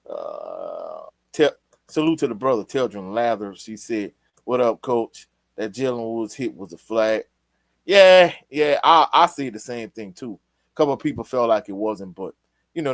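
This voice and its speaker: A man with a fairly low, gravelly voice hosts a casual sports live stream, recorded without echo. He reads the live chat and offers his opinions in a laid-back but opinionated way.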